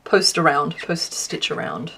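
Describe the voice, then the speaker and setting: A woman's voice: low voice, sing-song, a little slow, creaky, fairly bright tone, slight background noise. Chatty Australian woman crochet streamer. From Western Australia. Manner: chatty, laughs often, answers chat. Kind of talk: casual live-stream chat while crocheting.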